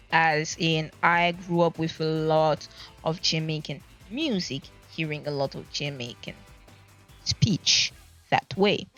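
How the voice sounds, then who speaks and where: A woman's voice: fairly low pitch, fairly bright tone. A woman livestreaming casually, rambling and searching for words as she explains herself. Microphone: desk mic at a laptop. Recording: dull lo-fi stream audio.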